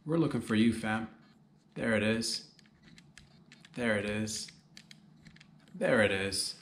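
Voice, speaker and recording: A man's voice: fairly low pitch, slow, fairly bright tone, reverberant, slight background noise. A man hosting a solo comedy podcast, rambling and joking as he talks straight to his listeners.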